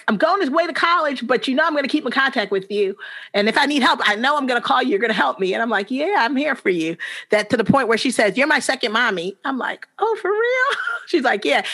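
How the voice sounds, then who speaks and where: Woman, middle-aged teacher, podcast guest, bright voice, earnest storytelling, animated when quoting kids. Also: on the high side. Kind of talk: personal storytelling in a podcast interview.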